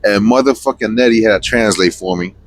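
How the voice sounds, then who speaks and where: A young man co-hosting a trucking podcast, telling road stories loudly, laughing often and swearing a lot. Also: on the low side, fairly quick, very noisy. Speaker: podcast co-host, truck driver. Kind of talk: casual chat.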